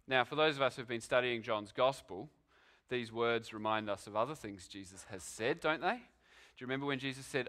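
A man's voice: mid-range voice, a little fast, pushed and bright. A man preaching a sermon, telling it as a story with dramatic rhetorical questions. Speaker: pastor.

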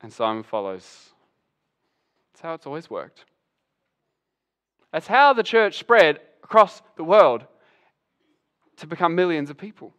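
Male pastor, fairly high, resonant voice, animated storytelling sermon. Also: unhurried, pauses often, clear, resonant tone. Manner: animated storyteller, acts out the voices of Bible figures.

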